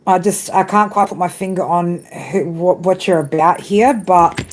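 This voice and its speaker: A tarot reader gives a live reading as a blunt, profane monologue, tacking a tag question onto nearly every phrase. Her voice is on the low side, steady in tone, at a normal speed.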